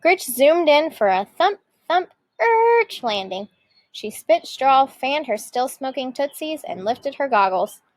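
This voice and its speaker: A woman teacher reading a picture book aloud with lively expression. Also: high-pitched, slow pace, no echo, rough recording.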